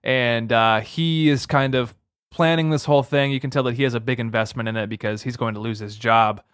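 A man's voice: medium pitch, fairly even intonation, fairly quick, fairly bright tone, clear, resonant tone, dry recording, studio quality. Rambling man recapping a film plot. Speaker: podcast co-host. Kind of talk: casual movie-review chat.

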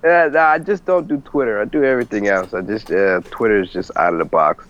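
A man's voice: lowish voice, a little fast, a bit bright, muffled recording. A man who does stand-up, bantering playfully and arguing his point in a casual podcast chat. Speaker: stand-up comic and podcast guest.

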